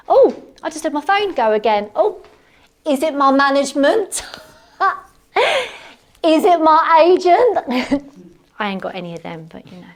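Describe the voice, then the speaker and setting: A gushing, excitable housewife, as a woman plays her on stage, who rambles from one aside to the next. Her fairly high voice rushes with enthusiasm through a live one-woman comedy monologue. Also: full character voice. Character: chatty cleaning-obsessed English housewife. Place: theatre stage.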